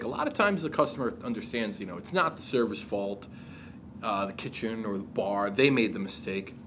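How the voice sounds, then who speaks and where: A man in casual chat, telling stories in an animated way and swearing freely. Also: lowish voice, normal speed, slight background noise.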